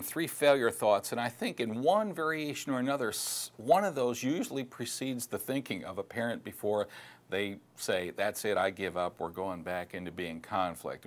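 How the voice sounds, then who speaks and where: A man giving earnest, emphatic advice to separated parents, acting out their thoughts in quotes and pausing on fillers. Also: on the low side. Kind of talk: direct-to-camera advice talk.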